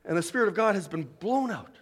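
High-voiced male pastor preaching. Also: expressive, quick pace, fairly bright tone, breathy edge, big-room sound. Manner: preaching with rising emphatic peaks. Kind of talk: sermon. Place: church sanctuary.

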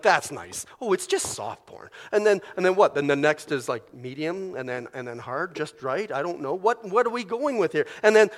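Man preaching, high voice, animated and chatty delivery, long hall reverb. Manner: animated and conversational, acting out inner voices. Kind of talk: sermon.

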